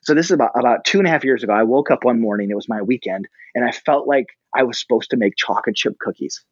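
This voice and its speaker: A middle-aged man, a pastor, telling a personal story casually and animatedly, often jumping up in pitch for the voices he quotes. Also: fast, breathy edge, no echo, highs cut off. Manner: animated, breaks into high-pitched quoted reactions.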